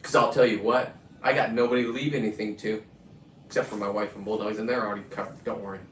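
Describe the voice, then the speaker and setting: Talking fast with a fairly low, a-bit-bright voice and fairly even intonation, a middle-aged man rambles through a crude, bragging story on his own videos. The recording is echoey and distant, with faint ambience and slight background noise.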